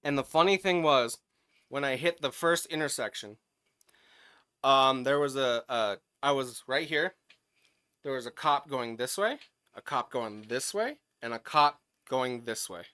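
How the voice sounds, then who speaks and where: Podcast co-host, male, bright clear voice, dry close mic, animated and foul-mouthed storyteller. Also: mid-range voice, measured pace, no echo. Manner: animated, profane, swings into loud yelling when retelling. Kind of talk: casual chat, storytelling.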